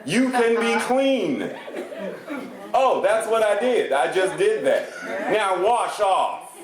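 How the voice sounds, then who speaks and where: A man preaching a sermon as a guest minister, animated and playful, often laughing as he speaks. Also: sits high, takes it slowly, crowd noise. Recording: echoey church hall.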